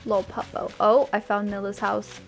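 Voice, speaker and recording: A woman's voice: medium pitch, little pitch movement, normal speed, creaky. A woman giving casual, gushing commentary while she tours a game island, easily delighted and chatty. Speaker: streamer touring a game island.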